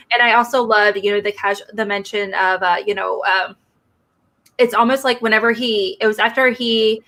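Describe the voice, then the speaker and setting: A woman's voice: medium pitch, a bit bright. A woman co-hosting a podcast in casual chat, hesitant and full of restarts as she thinks aloud. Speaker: podcast co-host.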